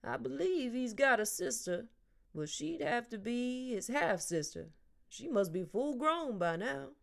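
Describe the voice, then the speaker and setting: A woman's voice: a little high, very animated, unhurried, creaky, pitched above the performer's own voice, heavily acted. A woman reading an audiobook, voicing a friendly older man who loves to tease and talks in an easy, joking drawl. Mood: easygoing.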